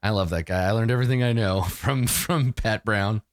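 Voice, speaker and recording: A man's voice: on the low side, moderate pace, no room sound, clean studio sound. A man running a tabletop game as dungeon master, reading the dramatic scene-setting text aloud. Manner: lively, reads dramatic box text.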